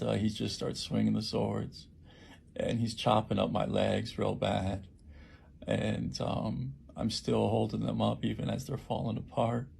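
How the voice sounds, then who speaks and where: A man who works at a homeless shelter recounts an attack in a halting personal account, with many fillers and restarts. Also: lowish voice, vocal fry, darkish tone, husky.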